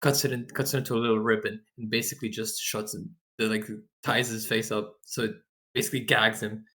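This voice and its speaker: A man's voice: fairly low pitch, little pitch movement, a little fast, pushed and bright. A man playing a tabletop game, offhand and laughing as he chats. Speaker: player. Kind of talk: casual game chat.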